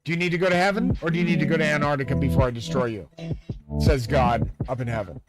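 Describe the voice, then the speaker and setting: A fast-talking man with a medium-pitched voice and fairly even intonation rants to his viewers during a live stream. Addressing them directly, he's profane, agitated and grandiose, with loud music behind the voice.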